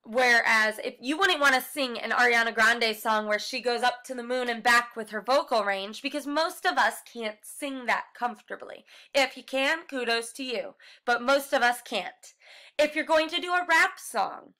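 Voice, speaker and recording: A woman's voice: on the high side, normal speed, pushed and bright. A woman music teacher explaining a class project step by step in a recorded lesson, now and then singing short examples.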